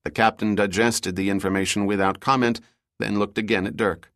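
A man narrating an audiobook thriller in a steady, measured storytelling manner. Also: on the low side, no room sound, clean studio sound. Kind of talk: scripted narration.

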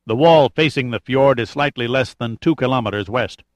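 A man's voice: medium pitch, normal speed, no room sound, close to an everyday voice. A man reading an audiobook, voicing a practical adult male guide who talks bluntly and matter-of-factly.

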